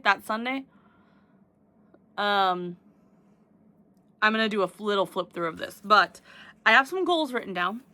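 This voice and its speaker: A woman's voice: medium pitch, sharp tone. A young woman chatting casually to camera about her crafting goals, rambling with restarts and fillers. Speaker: diamond painting vlogger.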